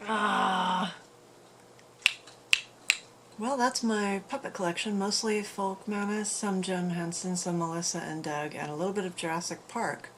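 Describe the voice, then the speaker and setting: A woman's voice: mid-range voice, steady tone, a little slow, background noise. A woman showing off her puppet collection at home in a casual, upbeat show-and-tell chat, rambling along with fillers. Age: adult parent. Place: home room full of collectibles.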